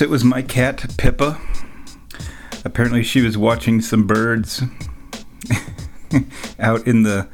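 A man telling a rambling, jokey story in a loose, casual monologue, and he laughs along as he goes. His voice sits at an ordinary middle pitch. Faint music plays underneath him.

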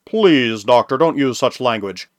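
A man reading a novel aloud, voicing a scheming male businessman who speaks smoothly and persuasively. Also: medium pitch, expressive, unhurried, dry recording, studio quality, lightly acted. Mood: pleading. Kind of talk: audiobook reading.

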